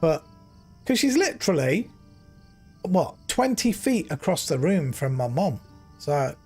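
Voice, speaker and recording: A middle-aged man streaming a game, telling an emotional story in an earnest, animated way. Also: a little high, a little slow, pauses often, slightly rough, soft background music. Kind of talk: casual storytelling while gaming.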